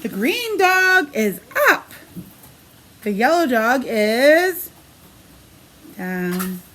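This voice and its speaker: A preschool teacher woman reads a picture book aloud, her high voice swooping up and down in a lively sing-song. She takes her time over each page and stops to quiz the children. A faint hum of room noise sits behind her. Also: extremely slow. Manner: animated, sing-song storybook delivery with questions to the kids.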